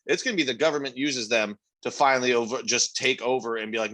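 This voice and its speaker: Male co-host, casual chat, emphatic, swears a lot, bright voice. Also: medium pitch, fast. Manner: emphatic, profane, argues his point. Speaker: podcast co-host.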